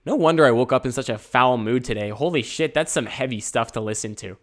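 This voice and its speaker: A man's voice: mid-range voice, brisk. Solo podcast host, male, rambling, jokey and laid-back, mid-range voice. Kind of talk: casual solo podcast monologue.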